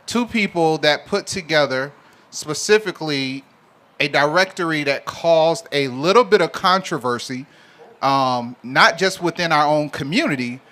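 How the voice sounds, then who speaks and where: A man works a live crowd as host. His voice sits a bit on the high side, and he talks in a loose, teasing, conversational way, joking with the people in front of him. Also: unhurried, bright, forceful tone. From Alabama. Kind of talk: live show hosting, bantering with the audience. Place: live event venue with an audience.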